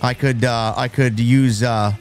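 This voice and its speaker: A man's voice: medium pitch, fairly even intonation, measured pace, faint music behind. A man from New York who hosts a live stream, chatting casually and reading out viewer messages, with frequent restarts. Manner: rambling, restarts, reads viewer messages aloud. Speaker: host of a wrestling live stream.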